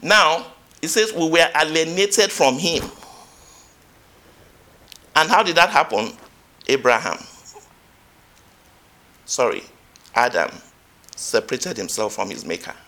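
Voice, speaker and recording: Slow and full of long pauses, a male preacher's bright, ringing voice leaps and falls with lively intonation. He questions the congregation, reads from scripture, and alternates booming emphasis with hushed asides.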